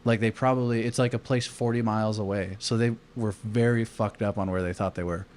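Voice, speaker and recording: A man's voice: lowish voice, fairly even intonation, fairly quick, darkish tone. A man from Arizona telling a long story on a casual podcast, rambling with lots of fillers and swearing. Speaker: podcast co-host.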